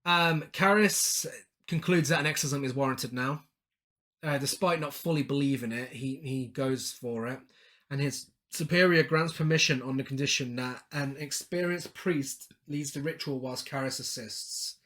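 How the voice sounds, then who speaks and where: A man's voice: medium pitch, normal speed, a bit bright. A man co-hosting a podcast, recapping a film's plot with laughing asides in casual chat. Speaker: podcast co-host.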